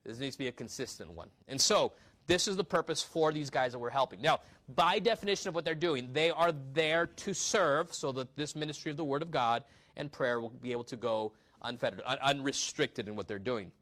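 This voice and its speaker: A man's voice: mid-range voice, brisk, a bit bright. A man, a pastor, preaching a sermon in a conversational teaching manner, reading scripture aloud and asking rhetorical questions.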